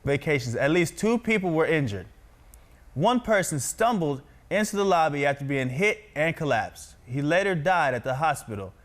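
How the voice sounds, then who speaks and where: Stumbling trainee newsreader. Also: male voice, on the high side, animated, normal speed. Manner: stumbles over names, repeats corrections. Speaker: trainee practicing news reading. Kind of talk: practice news reading with coaching.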